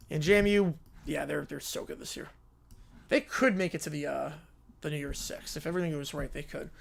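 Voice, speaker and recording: A man's voice: on the high side, brisk, vocal fry. Casual man reading a silly story. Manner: casual, offhand. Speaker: livestream host. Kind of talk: narrating a silly story on a livestream.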